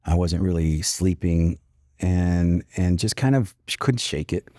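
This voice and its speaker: A man's voice: deep voice, slow pace, dark tone, dry recording, clean studio sound. A man in his fifties, a retired police commander and podcast guest, telling a personal story in an earnest, reflective way with many "you know" fillers.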